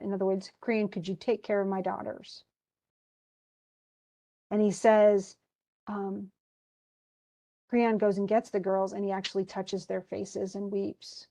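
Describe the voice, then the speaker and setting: A woman's voice: medium pitch, level tone, measured pace, long pauses, mellow. A woman teacher casually retelling a tragedy for her class in a chatty way, with many restarts. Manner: chatty, restarts often, wistful about the tragedy. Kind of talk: casual lecture retelling a play.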